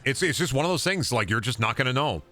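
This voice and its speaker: A hoarse man streaming a game, chatting casually in a rambling, profane way that keeps restarting. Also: mid-range voice, expressive, quick pace, sharp tone, soft background music. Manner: rambling, profane, self-interrupting. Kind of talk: casual gameplay chat.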